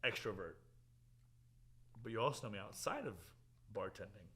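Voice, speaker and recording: Bright-voiced man telling bar stories. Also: lowish voice, moderate pace. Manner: animated storyteller, acts out quotes, laughs often. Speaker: podcast host. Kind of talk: casual chat.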